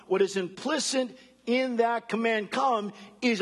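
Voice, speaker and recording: A man giving a sermon as a pastor, animated, acting out voices of the people he quotes. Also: high voice, moderate pace, breathy edge, big-room sound.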